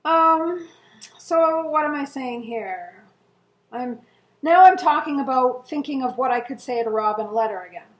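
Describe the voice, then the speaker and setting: Middle-aged woman reading her old diary out loud, kinda high voice, heartfelt, echoey room. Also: animated, moderate pace. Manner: earnest and emotional, with soft laughs and sighs. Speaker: co-host. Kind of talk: reading old journal entries aloud, casual chat.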